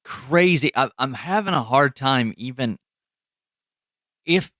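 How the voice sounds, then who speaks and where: Man podcast co-host, rambling, swears a lot, bright forceful voice, dry sound. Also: medium pitch, animated, slow, no echo. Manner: rambling and profane, lots of "like". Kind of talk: casual chat.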